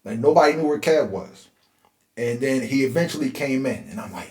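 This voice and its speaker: A man in his forties from Philadelphia telling a personal life story in a casual, conversational way, getting animated when he relives tense moments. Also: mid-range voice, moderate pace. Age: 40s. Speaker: host. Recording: roomy echo.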